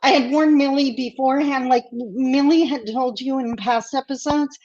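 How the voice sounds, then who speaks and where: A woman's voice: sits high, steady tone, moderate pace, a little mellow, lo-fi sound. Laughing, candid woman on a video call. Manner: laughing, candid, self-mocking. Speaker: podcast co-host. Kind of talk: casual podcast chat over video call.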